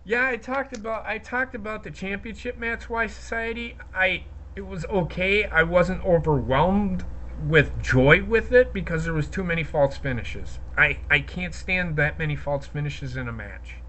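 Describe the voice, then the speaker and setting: A woman's voice: on the low side, moderate pace, fairly bright tone. A woman co-hosting a wrestling podcast, ranting and swearing heavily in casual chat. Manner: profane, ranting, heated. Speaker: podcast co-host.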